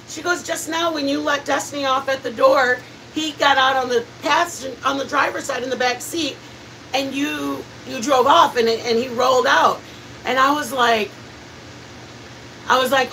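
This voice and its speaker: A woman hosts a cooking stream, chatting to her viewers and laughing her way through family stories. Her voice sits a little high. She sounds set back from the mic, with a faint noise floor behind her. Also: moderate pace, recorded from a distance, low-quality recording. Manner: chatty, laughing, animated storyteller. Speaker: cooking channel host. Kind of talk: casual storytelling while cooking on a live stream.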